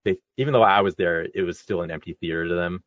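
A man's voice: low-pitched, fast talker, narrow, tinny audio. A man telling a story in a casual podcast chat, laid-back and laughing as he goes. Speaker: podcast co-host.

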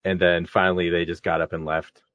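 A man's voice: low-pitched, little pitch movement, a little fast, fairly bright tone, no echo, highs cut off. A man telling a story in a casual podcast chat, laid-back and laughing as he goes. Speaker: podcast co-host.

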